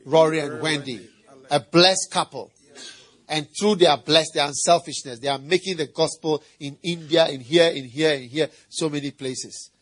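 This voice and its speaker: Man, middle-aged pastor, husky voice, playful animated sermon. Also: on the high side, moderate pace. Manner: animated and playful, mimics animal noises, questions the congregation.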